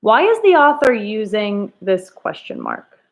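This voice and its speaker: A woman's voice: medium pitch, wildly swooping pitch, measured pace. A woman teacher leading a reading lesson, thinking aloud and coaxing students with questions. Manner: thinks aloud, rereads lines in different tones.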